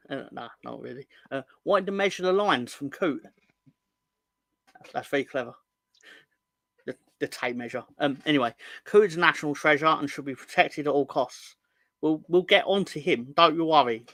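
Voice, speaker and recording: Joking London man with a bright voice. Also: fairly high pitch, no room sound. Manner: rambling, joking, reads viewer comments aloud. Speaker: podcast co-host. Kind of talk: casual football podcast chat.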